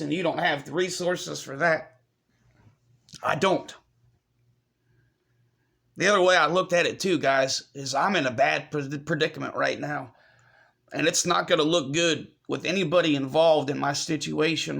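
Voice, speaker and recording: Choked-up man with a gravelly voice. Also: a little high, fairly bright tone. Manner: halting, repeats himself, apologetic, talks straight to viewers. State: choked up, fighting back tears. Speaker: vlogger. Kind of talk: confessional vlog update.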